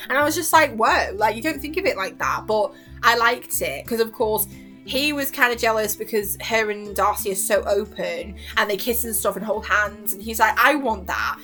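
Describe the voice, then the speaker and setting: A young woman talks in an excited, casual way, gushing and acting out little quotes between laughs. Her voice sits at an ordinary middle pitch, and faint music plays softly underneath. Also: normal speed. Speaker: YouTuber reviewing a TV series.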